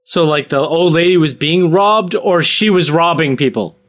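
A man co-hosting a comedy podcast, tossing in quick jokes and guesses in casual chat. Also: a little high, a bit bright. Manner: quick, joking banter. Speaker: podcast co-host.

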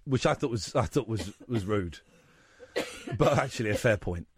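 A man's voice: lowish voice, expressive, normal speed, slightly rough, dry recording. A man hosting a radio talk show in the studio, telling a rambling anecdote full of quoted voices. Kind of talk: casual radio chat, storytelling.

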